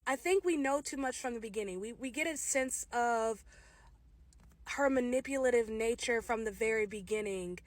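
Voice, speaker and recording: A woman's voice: fairly high pitch, moderate pace, no echo. A woman giving a casual, candid spoken review of a film, opinionated and direct, with frequent restarts.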